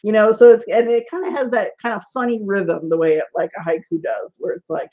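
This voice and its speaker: A woman's voice: medium pitch, steady tone, a little fast, few pauses. Chatty woman teaching tarot online. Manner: chatty, rambling, laughs often, many "like"s. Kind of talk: casual online class. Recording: dull lo-fi webinar audio.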